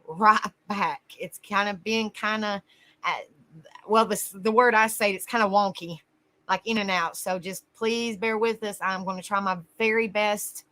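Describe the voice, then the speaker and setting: A woman's voice: mid-range voice, fairly bright tone. A woman hosting a casual livestream, greeting viewers by name and calling them honey. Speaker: livestream host.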